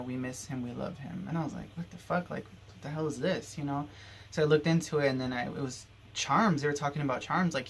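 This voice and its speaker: A man's voice: medium pitch, fairly bright tone, a little hiss or hum. A young man vlogging a personal story in a rambling, emotional way, full of fillers and restarts.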